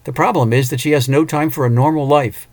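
A man's voice: fairly high pitch, steady tone, brisk, no echo, close to an everyday voice. A man voicing a lonely, wistful older farmer who talks plainly with a rural turn of phrase.

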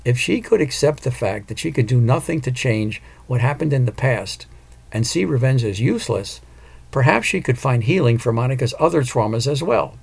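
A man reading a novel aloud in an even, measured storytelling manner. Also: mid-range voice, gravelly, slightly rough. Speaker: audiobook narrator. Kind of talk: scripted narration.

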